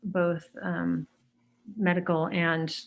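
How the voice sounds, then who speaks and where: A woman talking as an interview guest in casual conversation, hesitant and pausing with many fillers as she searches for words. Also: on the low side, flat delivery, gravelly, narrow, tinny audio.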